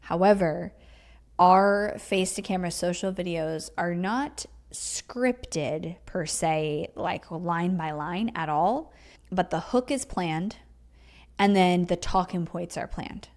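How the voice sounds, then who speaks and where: A woman with a lowish, slightly mellow voice speaks slowly as she hosts her own podcast. She riffs off the cuff in an emphatic, chatty teaching style, sprinkling in plenty of "like" and "you know." It's casual solo podcast talk.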